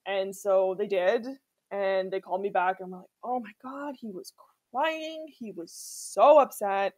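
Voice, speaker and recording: A woman's voice: mid-range voice, normal speed, darkish tone. A woman from Canada, talking candidly in a documentary interview in a chatty way, full of fillers. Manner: candid, chatty, many fillers like "like" and "you know". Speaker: interviewee telling of being stalked.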